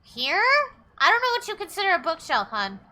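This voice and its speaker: A woman's voice: very high-pitched, big pitch swings, brisk, sharp tone. A woman streaming a story game, chatting casually with her viewers, swearing, laughing and gasping often. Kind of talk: casual live-stream commentary.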